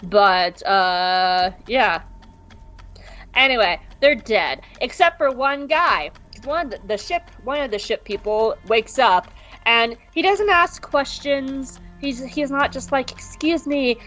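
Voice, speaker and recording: A woman co-hosting a podcast, recapping an episode in a casual, animated and profane way. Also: fairly high pitch, slow pace, dull audio, faint music behind. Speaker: podcast co-host.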